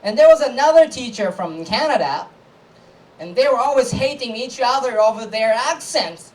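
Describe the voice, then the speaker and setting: A man from Japan with a Japanese accent, a native Japanese speaker performing a stand-up comedy set on a live club stage, landing deadpan punchlines with laughing asides. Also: very high voice, normal speed, distant mic, slight background noise, low-quality recording.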